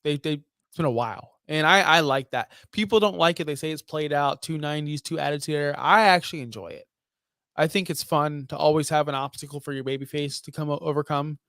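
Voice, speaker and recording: A man's voice: on the high side, fairly quick, a bit bright, no room sound. Blunt, foul-mouthed man, dry close sound. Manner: blunt, profane and opinionated. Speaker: podcast co-host. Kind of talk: casual wrestling chat.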